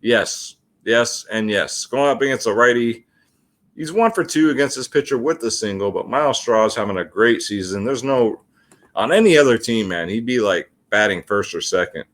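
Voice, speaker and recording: Lively chatty man giving sports picks. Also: mid-range voice, normal speed. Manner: chatty, addresses viewers as guys. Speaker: fantasy sports picks host. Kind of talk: casual sports picks video.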